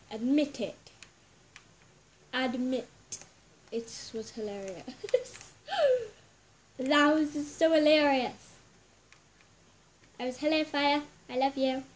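Woman, gaming commentary, high voice, giggly, chatty, talks to viewers. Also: sing-song, slow, pauses often. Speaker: gameplay video host.

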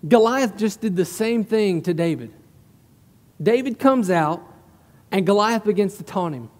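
A male pastor preaches a sermon in a relaxed, storytelling way, leaning on emphatic asides. His voice is fairly high, and it rings out through a church sanctuary with a long reverb tail. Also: unhurried.

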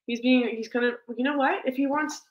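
A woman's voice: sits high, fairly even intonation, a little fast, lo-fi sound. A woman hosting a casual livestream with her pet parrot, cooing baby talk at it and thanking viewers. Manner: coos baby talk to her bird, laughs often; reads out and thanks viewer comments. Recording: echoey room.

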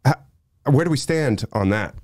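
A man's voice: mid-range voice, animated, moderate pace, a little mellow. Young male co-host, casual, laughs a lot, calls people dude. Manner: laughs often, says dude. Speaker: podcast co-host. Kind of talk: casual chat.

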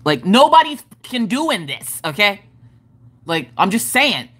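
A woman's voice: medium pitch, big pitch swings, a little slow, a bit bright, slightly rough. A woman hosting a casual craft livestream, rambling and joking with chat, often laughing and swearing. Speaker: livestream host.

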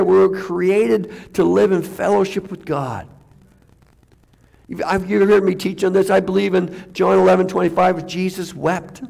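A man's voice: high-pitched, creaky, darkish tone. A man preaching a conversational sermon as a pastor, full of restarts, who sometimes drops almost to a whisper.

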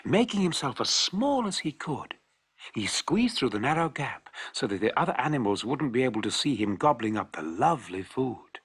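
Husky man reading a children's story. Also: medium pitch, moderate pace. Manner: lively, emphatic storytelling.

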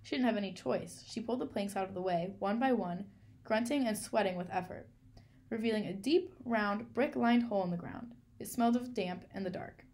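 A woman reading a children's novel aloud in a clear, measured storytelling manner. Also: mid-range voice, a little mellow. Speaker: reader.

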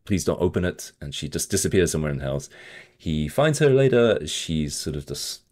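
A man's voice: a bass voice, big pitch swings, normal speed, darkish tone. A man hosting a casual book podcast, loosely recapping a plot with lots of hedging fillers. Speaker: podcast host.

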